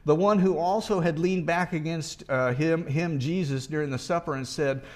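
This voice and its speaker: Pastor, male, fairly high voice, relaxed talky preaching with restarts. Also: normal speed. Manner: conversational preaching with rhetorical questions. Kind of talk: sermon.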